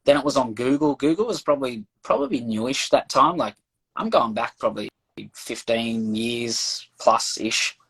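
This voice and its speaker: An Australian man chats loosely as a podcast guest and spins an anecdote. He mimics the people he quotes, and his voice has a slightly breathy, husky grain. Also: medium pitch, moderate pace, poor audio. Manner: animated anecdote-telling, acts out quoted voices. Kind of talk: casual storytelling chat.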